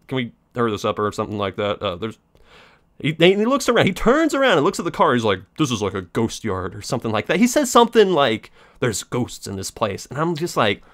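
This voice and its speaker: A young man telling a story straight to his camera, with a lively voice that swings up and down a lot. He swears freely, gets sarcastic, and jumps his pitch high when he mimics other people. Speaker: vlogger. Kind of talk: casual storytelling rant.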